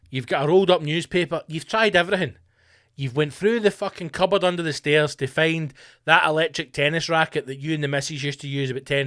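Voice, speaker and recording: Man, podcast host, comedic rant, profane, mocking, slightly higher voice. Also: fairly bright tone.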